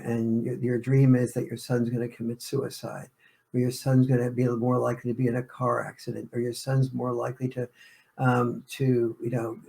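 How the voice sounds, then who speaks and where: A man with a gravelly, creaky voice answers interview questions at length. He explains his points by acting out family scenes, and his pitch sits mid-range. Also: warm tone. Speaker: author and interview guest.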